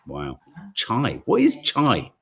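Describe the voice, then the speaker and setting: A man's voice: mid-range voice, huge pitch swings, slow pace, creaky, breathy edge. Guy hosting a live chat, reading comments, voice bounces up and down a lot, playful. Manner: chatty, rambling, playful. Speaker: live show host.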